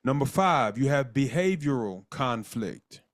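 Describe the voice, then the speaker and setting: A man teaching a marriage class on a live call, earnest, often repeating words and slowing down to dictate and spell out terms. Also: medium pitch, expressive. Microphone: call audio.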